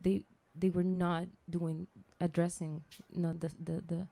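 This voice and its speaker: A woman speaks slowly and haltingly, stopping often to restart her sentences as she gives personal testimony. Her voice sits low and dark, with a flat, even delivery. The sound is dry and close. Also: vocal fry, no room sound. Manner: hesitant, searching for words with many restarts. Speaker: guest speaker.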